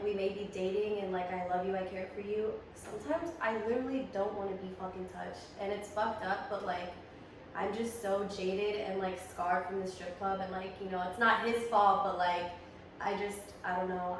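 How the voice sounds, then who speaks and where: A young woman co-hosting a podcast, speaking frankly and profanely with halting, filler-heavy phrasing. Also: medium pitch, fairly even intonation, noisy background. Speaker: podcast co-host. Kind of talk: casual chat. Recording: echoey room, mic far off.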